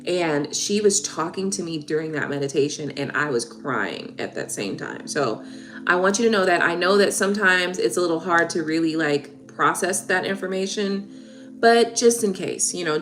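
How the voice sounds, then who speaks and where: A woman's voice: on the low side, normal speed, soft background music. A young woman giving tarot readings on a live stream, chatting casually and emotionally with viewers.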